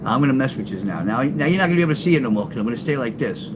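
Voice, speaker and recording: An older man talks straight to his viewers in a blunt, rambling livestream chat, doubling back on his own words. His voice sits at an ordinary middle pitch, and a faint hiss of noise runs under it. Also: expressive, racing. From New York. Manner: blunt, rambling, repeats himself. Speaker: livestream host and storyteller. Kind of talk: casual livestream chat with chat readers.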